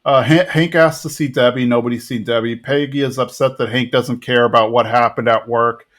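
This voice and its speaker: Man, podcast host, casual recap, animated retelling, mid-pitched voice. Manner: animated retelling, quick character quotes, laughs.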